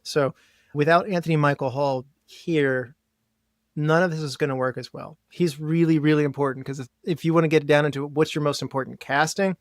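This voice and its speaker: A man's voice: fairly high pitch, steady tone, a little fast, dry recording, studio quality. Rambling man weighing in on a film. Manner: rambling, hedging with fillers. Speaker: podcast guest. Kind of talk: casual film review chat.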